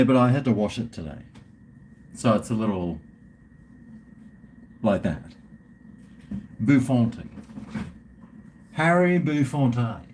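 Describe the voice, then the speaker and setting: A man's voice: mid-range voice, a little mellow, slight background noise. A middle-aged Australian man hosting a live stream, rambling and swearing in casual banter with his viewers.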